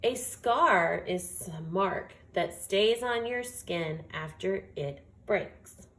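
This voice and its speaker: A woman teaching a phonics lesson, speaking slowly and carefully and sounding out each word. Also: mid-range voice, fairly bright tone. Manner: slow, deliberate, sounds out words.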